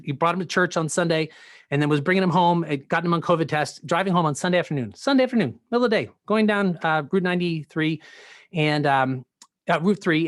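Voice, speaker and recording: A man's voice: fairly high pitch, dry recording. Earnest male pastor telling a story. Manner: earnest storytelling, acts out quoted voices, many fillers. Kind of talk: personal story in a sermon.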